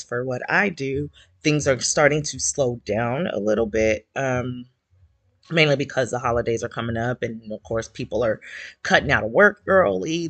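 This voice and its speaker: A man's voice: medium pitch, a bit bright, no echo. A man hosting a casual livestream from his couch at home. He sounds nervous, his voice is shaky and he fills his talk with many ums. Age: older adult. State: shaky voice from nerves. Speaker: host of a fan support livestream.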